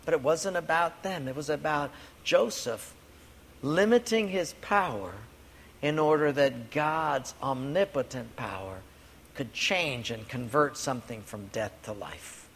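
A man's voice: a little high, animated, measured pace, creaky, a bit bright, slightly rough. A man preaching a sermon, telling a personal story earnestly and repeating key lines for emphasis. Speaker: pastor. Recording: long hall reverb, faint room noise.

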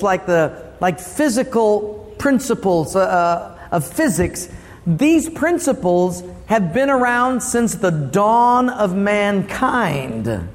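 A man preaching a sermon as pastor, lively and asking the congregation questions. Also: high voice, in a large hall.

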